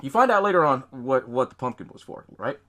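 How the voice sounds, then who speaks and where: Man host, loose and swearing film recap, animated ups and downs in pitch. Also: a little fast. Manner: rambling, profane, laughs at own retelling. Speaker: podcast host. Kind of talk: casual movie recap.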